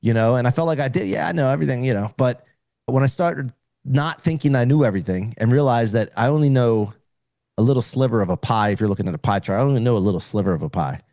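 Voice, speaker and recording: A man's voice: medium pitch, quick pace, mellow, no echo. A middle-aged man speaking as a podcast guest, explaining earnestly in casual conversation with frequent restarts.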